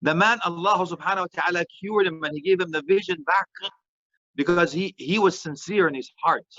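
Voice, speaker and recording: Animated preacher. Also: male voice, sits high, fairly quick, dull audio. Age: middle-aged. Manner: animated, joking, mixes Arabic phrases. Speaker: Islamic preacher. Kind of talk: lively sermon.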